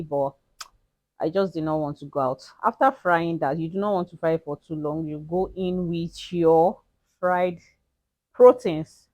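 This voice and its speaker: Relaxed woman explaining a recipe. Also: lowish voice, no echo. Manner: relaxed, chatty, repeats herself, light laughs. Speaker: cooking channel host. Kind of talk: casual cooking tutorial voice-over.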